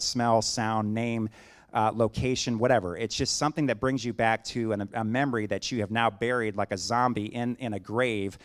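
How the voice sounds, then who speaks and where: A middle-aged man giving a sermon, telling a personal story with acted-out dialogue and building to emphatic preaching. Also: mid-range voice. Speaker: guest preacher.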